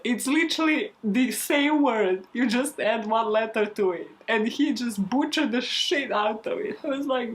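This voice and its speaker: A woman host rambles through her outtakes, giggling and poking fun at herself. She swears freely and talks in a slightly high voice. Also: lively intonation, normal speed, few pauses. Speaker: true crime YouTube host. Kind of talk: casual outtake chatter.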